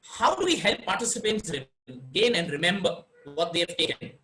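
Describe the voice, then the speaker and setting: Man from India, webinar coach, high bright voice, expressive pauses. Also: rough recording. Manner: expressive, varies pauses and emphasis for effect. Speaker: webinar speaker, success coach. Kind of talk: online presentation training.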